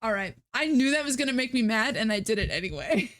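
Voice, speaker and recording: A woman's voice: on the high side, animated, brisk, a bit bright. A young woman streamer chatting casually to her viewers, ranting with dramatic, exasperated outbursts. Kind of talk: casual live-stream chat.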